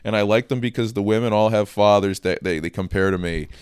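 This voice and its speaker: A young man co-hosting a casual comedy podcast, delivering provocative jokes in a deadpan way. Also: lowish voice, fairly quick, clear, resonant tone, no echo, studio quality. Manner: deadpan, provocative shock humor with frequent laughs. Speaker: podcast co-host.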